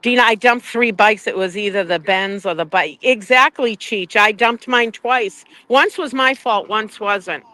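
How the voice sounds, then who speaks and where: An older woman chatting casually on a live stream from outside a courthouse, animated and quick to laugh. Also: medium pitch, low-quality recording. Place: outdoors outside a courthouse, crowd nearby.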